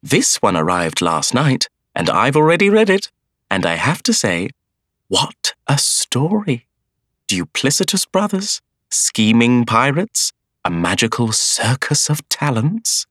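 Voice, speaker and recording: A man voicing an eccentric older woman who owns a bookshop, gushing in a sing-song voice that swoops high in pitch. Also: big pitch swings, a little slow, fairly bright tone, dry recording, studio quality. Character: eccentric older female bookshop owner, bubbly. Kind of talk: audiobook character voice.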